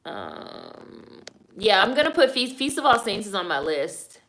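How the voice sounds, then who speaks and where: On a live stream, a woman reads viewer comments aloud in a mid-range, slightly bright voice with huge pitch swings, taking her time. She's blunt and opinionated, swears a lot, and fills her loose talk with "like" and "y'all."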